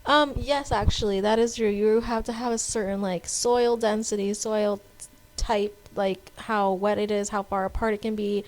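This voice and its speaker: Her voice sits in the mid range, steady in tone and at a normal speed. She's a young podcast co-host chatting casually and rambling, with plenty of fillers and false starts.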